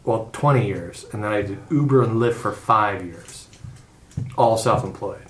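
A man's voice: on the low side, unhurried. A middle-aged man chatting casually on a podcast, rambling and swearing as he tells stories. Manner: rambling, profane, loose storytelling. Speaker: podcast regular. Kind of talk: casual chat. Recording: echoey room with faint noise.

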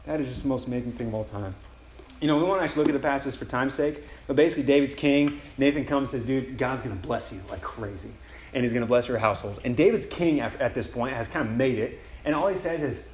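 A man's voice: medium pitch, fast talker, darkish tone, a little hiss or hum. A young man giving a casual, enthusiastic retreat sermon, acting out inner prayers as he goes. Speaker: campus ministry speaker. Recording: echoey room with faint ambience.

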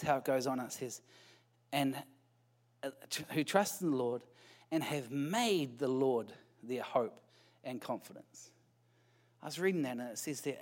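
A man preaching a sermon as pastor. He speaks conversationally, firing rhetorical questions at the congregation and slipping in light self-deprecating humor. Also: medium pitch.

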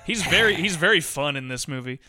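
A man's voice: fairly high pitch, animated, a little fast, sharp tone, soft background music. A man co-hosting a casual film podcast, recapping plots with frequent restarts. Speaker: podcast co-host.

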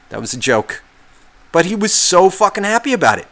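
A man's voice: sits high, sing-song, fast, fairly bright tone. A man hosting a podcast, telling a story as a casual rant, swearing constantly and sounding exasperated and sarcastic. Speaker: podcast host.

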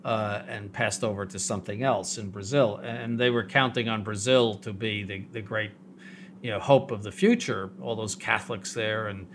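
A man, a bishop speaking in a casual radio discussion, halting with many restarts and pressing his points firmly. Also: lowish voice, steady tone, a little hiss or hum.

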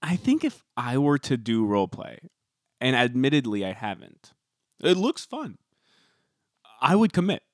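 A man's voice: medium pitch, wildly swooping pitch, unhurried, pauses often, no room sound. A young man co-hosting a podcast in casual chat, teasing with dry humor. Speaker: podcast co-host.

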